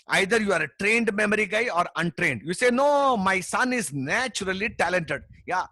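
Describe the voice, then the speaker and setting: A middle-aged Indian English man with a high, bright voice pitches a memory course in a webinar. He talks with pushy passion, peppering his lines with "okay?" and "right?", and the sound is close and dry. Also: no echo. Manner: passionate, pushy, many tag questions. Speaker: memory trainer.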